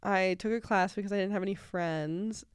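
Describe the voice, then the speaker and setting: A woman's voice: medium pitch, normal speed, smooth. A young woman, a comedian guest, chatting in a wry, matter-of-fact way. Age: young adult. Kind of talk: casual chat.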